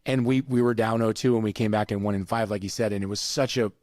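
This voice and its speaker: A man's voice: on the low side, steady tone, fast talker, a little mellow, dry recording, clean studio sound. A man in his fifties, a former volleyball player, recalling matches on a podcast in a chatty, enthusiastic way. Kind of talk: casual conversation.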